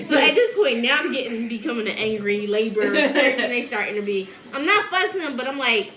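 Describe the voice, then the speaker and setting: Telling a story in casual conversation, this female host is animated, laughs frequently, and acts out quotes. She speaks a little fast with a high voice and hardly any pauses, in a roomy-sounding recording.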